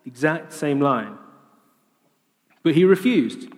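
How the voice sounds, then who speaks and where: A man preaching in a big hall, his voice ringing out with a long echo. He talks in a slightly high register and keeps it animated and humorous, slipping into playful voiced asides as he teaches. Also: normal speed. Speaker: pastor. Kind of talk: sermon.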